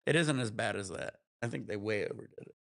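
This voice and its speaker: A man hosting a casual livestream, with laid-back, rambling chat and quick laughs. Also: lowish voice, creaky, a bit bright, no echo, studio quality. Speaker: livestream host.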